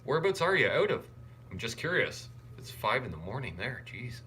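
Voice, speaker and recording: A young man live-streaming from a hotel room, his bright voice swinging up and down as he talks. He is wired and tired, and chats in a scattered way while reading viewers' comments aloud. A faint hiss of noise sits under his voice. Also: medium pitch, big pitch swings, fairly quick. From Canada. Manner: scattered, chatty, greets viewers and reads the chat aloud. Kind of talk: casual live-stream chat.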